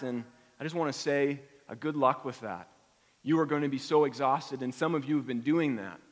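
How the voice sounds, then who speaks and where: A man's voice: mid-range voice, moderate pace. A middle-aged man preaching a conversational sermon, acting out the feelings he quotes. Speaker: pastor. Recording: long hall reverb.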